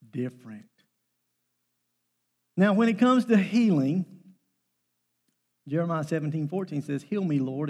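A man's voice: mid-range voice, vocal fry, a little mellow. A middle-aged man preaching a sermon, telling family stories in a folksy way with emphatic bursts.

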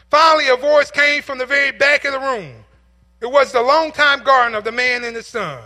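A male pastor preaching a sermon through a told story, rising into emphatic, repeated calls. His voice is unusually high for a man and very bright and ringing in tone. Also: normal speed, in a large hall.

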